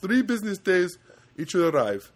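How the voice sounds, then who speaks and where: A man voicing a literal-minded male customer service agent in a put-on approximation of an Indian accent, slow and questioning. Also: high voice, sing-song, voice pushed up. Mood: puzzled. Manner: slow, halting, questioning lilt.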